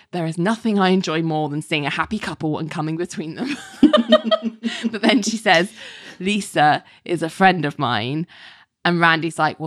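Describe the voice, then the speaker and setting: A woman's voice: deep voice, no room sound, studio quality. A woman casually retelling TV episode scenes, quoting the characters and laughing often as she goes. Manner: animated storyteller, laughs often, mimics characters. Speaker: podcast host recapping a TV show.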